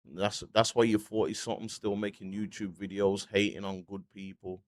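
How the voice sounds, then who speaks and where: A man's voice: fairly low pitch, level tone, moderate pace, slight background noise. A man giving a casual commentary vlog, talking in slang, restarting his sentences and often asking "you get me". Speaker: online commentator.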